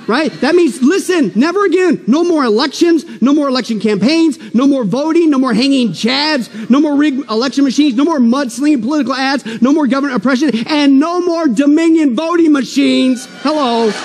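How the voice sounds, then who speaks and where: Animated preacher in an echoing hall. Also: male voice, very high-pitched, moderate pace, hardly any pauses. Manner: animated, joking, swings loud and soft. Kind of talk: prophecy conference sermon. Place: church hall. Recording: long hall reverb.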